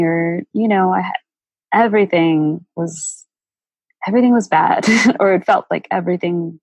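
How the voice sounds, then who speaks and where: Creaky, husky woman sharing her story. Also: fairly low pitch, a little mellow, dry recording, low-quality recording. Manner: halting, many fillers and restarts, emotional. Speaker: interview guest. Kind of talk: candid personal storytelling.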